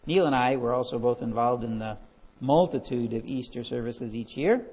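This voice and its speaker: A man's voice: medium pitch, normal speed, slightly rough, long reverb tail, muffled recording. A man preaching a sermon, reading scripture aloud and telling stories with frequent chuckles. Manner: animated storyteller, chuckles often. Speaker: pastor.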